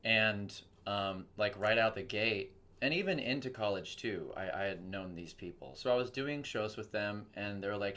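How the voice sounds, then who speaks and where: Low-voiced young man telling stories. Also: normal speed, hardly any pauses. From Texas. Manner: animated storytelling with quoted voices. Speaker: voice actor guest. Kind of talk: casual interview chat.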